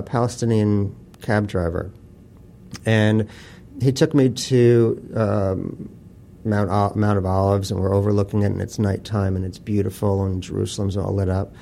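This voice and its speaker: A man's voice: fairly low pitch, fairly even intonation, measured pace, gravelly, mellow, a little hiss or hum. A man talking as an author guest in an interview, blunt and profane, telling wry stories. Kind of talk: casual interview talk.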